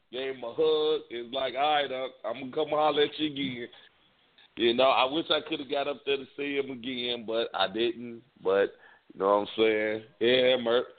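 A man's voice: medium pitch, moderate pace. A man co-hosting a casual comedy radio chat, telling stories and acting out voices. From Indianapolis. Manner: storytelling, acts out voices in quotes. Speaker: co-host. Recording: lo-fi phone-like radio sound.

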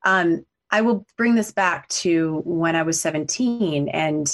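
A woman's voice: on the low side, a little slow. A middle-aged woman, a coach and author, telling a personal story in an earnest, heartfelt way on a podcast. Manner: earnest, heartfelt, talks through tears at times.

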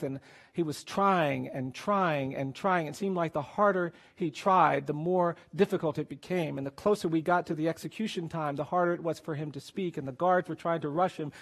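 A middle-aged man, a lawyer, telling a heartfelt personal story in a slow, earnest way that drops to soft, hushed tones at emotional moments. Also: a little high. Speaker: lawyer and speaker.

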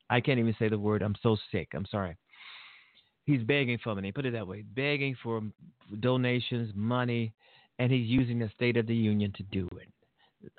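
A man hosts his own show and rants in outraged, rambling commentary, often stopping to laugh and restart his sentences. His voice is thin and boxy, as if it came down a phone line, with no room sound around it. He sits at a middle pitch. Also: no room sound. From Illinois, USA. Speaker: show host. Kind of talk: solo political commentary. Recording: dry tinny phone-like sound.

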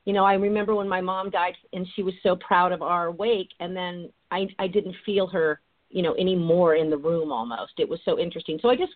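Woman host, eager rambling question, phone-quality sound. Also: mid-range voice. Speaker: interview host. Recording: tinny phone-like line.

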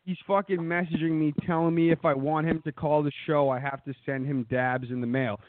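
A man's voice: fairly high pitch, level tone, fairly quick, no room sound. A man co-hosting a casual podcast, rambling and profane, laughing at his own jokes. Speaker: co-host. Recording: tinny phone-line sound, dry.

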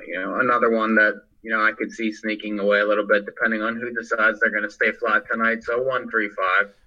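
A man's voice: lowish voice, bright, forceful tone, muffled recording. A man on a racing panel giving his picks, hedging a lot with fillers. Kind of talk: casual handicapping talk.

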